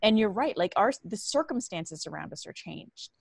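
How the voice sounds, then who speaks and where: A woman's voice: mid-range voice, animated, normal speed, creaky, husky, dry recording, studio quality. A woman, host of a podcast and a life coach, talking in a conversational, emphatic and casual way. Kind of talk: podcast interview.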